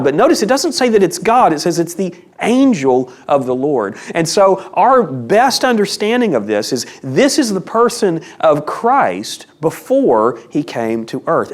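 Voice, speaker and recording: Male Bible teacher, slightly high voice, animated and emphatic delivery, casual teaching tone. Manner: conversational, emphatic, asks rhetorical questions.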